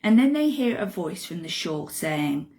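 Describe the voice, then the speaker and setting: Woman telling a bible story slow and expressive, bit of gravel, hushed asides. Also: fairly low pitch.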